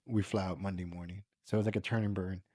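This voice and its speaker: A man's voice: sits low, steady tone, fast talker, darkish tone, no room sound. A man from the United States telling a personal story in a casual, rambling way, full of fillers and the odd swear word. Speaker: podcast guest.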